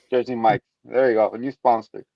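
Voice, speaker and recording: A man of average pitch co-hosts a loose, comedic show recap, laughing often and acting out scenes in odd voices. His mic sounds a little dull and muffled. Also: creaky, dry recording. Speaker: podcast co-host. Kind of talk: casual comedic chat.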